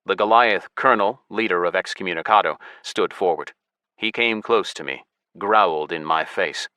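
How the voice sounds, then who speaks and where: Deep, forceful male audiobook narrator. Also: moderate pace, no echo, clean studio sound. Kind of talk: scripted first-person fantasy narration.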